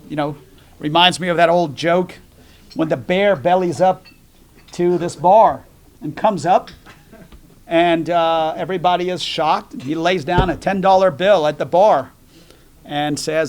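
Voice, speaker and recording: A middle-aged man from the United States giving a policy talk at a dinner, telling jokes and stories in a conversational way. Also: a little high. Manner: conversational, jokey storytelling with fillers. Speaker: dinner program speaker.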